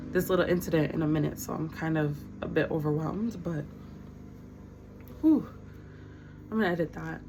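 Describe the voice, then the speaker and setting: A young woman vlogger telling a workplace story in a casual, animated, slangy way with a lot of laughing. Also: on the low side, a little hiss or hum, poor audio.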